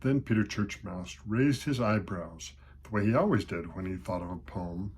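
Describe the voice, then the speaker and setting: An older man with a husky voice reading a children's storybook aloud at a steady, unhurried pace. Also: lowish voice, slight background noise.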